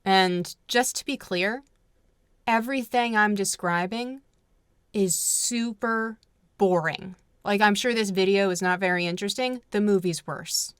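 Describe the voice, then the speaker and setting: A woman's voice: mid-range voice, unhurried, a bit bright, smooth, no echo, clean studio sound. Sarcastic woman rambling through a comedic recap. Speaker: vlogger. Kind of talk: comedic movie summary.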